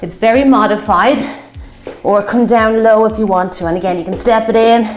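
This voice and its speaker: A woman's voice: fairly high pitch, normal speed. Upbeat woman leading a workout. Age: 50s. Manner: encouraging, upbeat cues over exercise. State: out of breath at times. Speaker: fitness instructor. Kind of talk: workout class instruction. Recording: echoey room with workout music.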